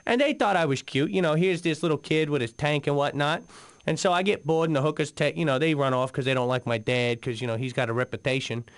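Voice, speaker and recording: A man's voice: fairly high pitch, fast, clear, resonant tone, natural voice. An actor playing a rambling, boozy male radio co-host on a comedic in-game talk station, telling a story full of fillers.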